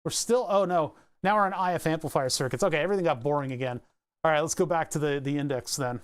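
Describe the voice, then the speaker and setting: A man's voice: on the high side, fast, clean tone. Casual, curious man streaming aloud. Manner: muses aloud, reads excerpts, swears casually. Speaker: livestreamer. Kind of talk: casual livestream chat, reading aloud.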